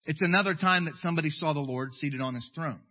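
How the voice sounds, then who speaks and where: A man preaching a sermon as pastor, animated and emphatic, slipping into comic voices of people he quotes. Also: on the high side, quick pace, long reverb tail, lo-fi sound.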